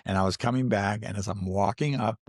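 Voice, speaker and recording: Clean studio sound with no echo captures this man in his sixties, an actor guesting on a casual interview. He speaks fairly quickly in a voice on the low side, rambling through stories, often restarting and laughing along the way.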